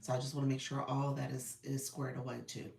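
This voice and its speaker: A middle-aged woman hosting a casual live stream, congested and clearing her throat, chatting and laughing with her viewers. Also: a bass voice, completely flat delivery, fairly quick, darkish tone, echoey room, far from the mic. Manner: chatty, laughs often, addresses viewers as y'all. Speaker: live stream host and creator coach.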